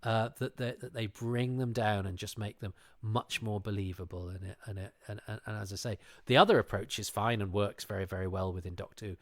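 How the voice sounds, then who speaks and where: A man's voice: lowish voice, steady tone, brisk, few pauses, no echo, studio quality. A man chatting casually as a podcast guest, rambling and restarting his sentences often. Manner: rambling, self-interrupting, frequent restarts. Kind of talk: casual chat.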